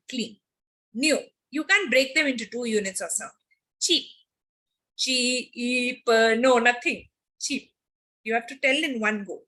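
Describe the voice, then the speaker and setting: A woman teacher, teaching a grammar lesson to children online. She repeats key words and slows down on examples. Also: fairly high pitch, a bit bright, slightly rough.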